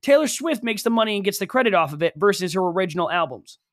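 A man's voice: high voice, no echo, clean studio sound. A young man co-hosting a podcast, chatting casually and rambling, often acting out quotes. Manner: rambling, animated, quick to act out quotes. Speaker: podcast co-host. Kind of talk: casual chat. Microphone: studio mic, dry booth.

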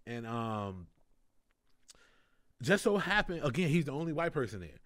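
A young comedian, appearing as a guest, tells a story in casual chat, laughing often and animatedly acting out the voices of people he quotes. He speaks at normal speed in a medium pitch, and the studio-quality recording is dry.

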